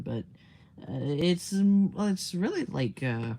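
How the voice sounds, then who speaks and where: A man's voice: sits high, very animated, slow, dark tone, a little hiss or hum. A man chatting on a livestream, rambling with filler words, giggling often and swearing casually. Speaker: streamer.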